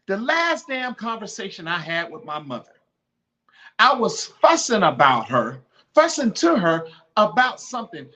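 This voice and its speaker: A man hosting a podcast, urging listeners to honor their mothers and telling the story of losing his own, by turns fervent and hushed with grief. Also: high voice, very animated, measured pace. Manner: impassioned, pleading, then hushed and grieving. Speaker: podcast host. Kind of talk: emotional personal storytelling.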